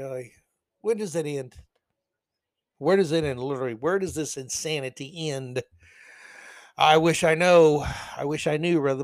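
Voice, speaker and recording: Man, podcast host, sarcastic, exasperated, higher voice, dry close mic. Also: no room sound. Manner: folksy asides to listeners. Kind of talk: opinionated solo commentary.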